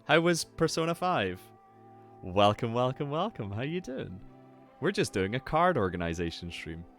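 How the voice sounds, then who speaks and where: A young man hosting a casual live stream, excitable, swearing freely and greeting his chat. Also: medium pitch, normal speed. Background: faint lo-fi music.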